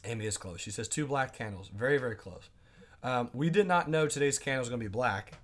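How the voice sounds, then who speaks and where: A man teaching a live day trading class, chatting casually, asking his viewers quick questions and reading out their comments. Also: medium pitch, expressive. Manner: asks quick questions to the audience.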